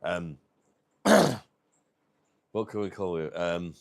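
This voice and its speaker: Low-voiced British man chatting. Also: steady tone, drawn-out words. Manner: rambling, swears freely. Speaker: livestream host. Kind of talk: casual livestream chat.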